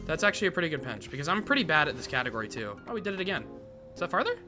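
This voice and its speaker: A man giving casual, excitable gameplay commentary full of gamer slang. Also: a little high, very fast, over music. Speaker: gaming content creator.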